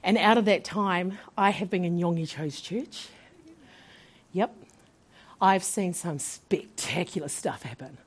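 A woman preacher telling a testimony from the pulpit, animated and laughing often as she acts out the voices in her story. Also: on the low side, unhurried, breathy edge.

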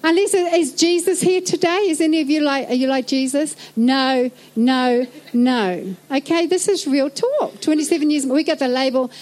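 A middle-aged woman with a New Zealand accent preaching a sermon in a lively, joking way, acting out little scenes. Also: high-pitched, moderate pace, low-quality recording. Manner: animated, jokey, acts out little scenes.

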